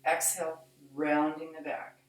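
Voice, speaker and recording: A woman with a deep, low voice leads a seated exercise class, giving slow, gentle, reassuring cues. She sounds set back from the microphone, and the room adds a clear echo around her words. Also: a little hiss or hum. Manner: calm, reassuring, slow cueing. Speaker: fitness instructor. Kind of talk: guided chair exercise instruction. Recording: echoey room, mic at a distance.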